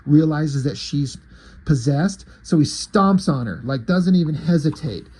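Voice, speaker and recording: Man recapping comics, husky voice, fairly high, excitable and rambly. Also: a little slow. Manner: enthusiastic, rambling retelling. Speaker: comic book reviewer.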